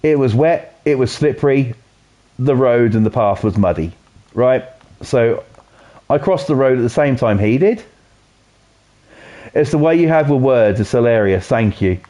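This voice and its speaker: A man's voice: mid-range voice, animated, a little slow, pauses often, mellow. A man with a Norfolk accent streaming a game and telling a long, profane story in casual, rambling chat. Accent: Norfolk English.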